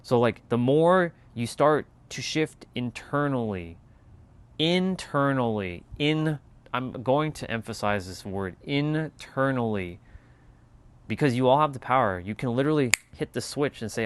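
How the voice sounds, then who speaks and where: A man's voice: mid-range voice, expressive, normal speed. A man hosting a casual motivational livestream, talking emphatically with lots of repetition and casual swearing. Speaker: channel host.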